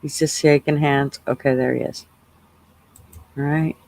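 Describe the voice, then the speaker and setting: A man's voice: medium pitch, level tone, measured pace, vocal fry, a little mellow. A man hosting a live stream, chatting casually with viewers and making wry, muttered asides. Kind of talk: casual reaction commentary.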